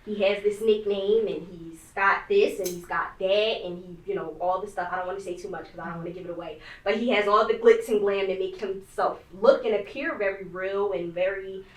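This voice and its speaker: A woman co-hosting a podcast, telling stories in an animated way and repeating words when she gets excited. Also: medium pitch, a little fast, hardly any pauses, roomy sound, recorded from a distance, poor audio. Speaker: podcast co-host. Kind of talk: casual conversational podcast.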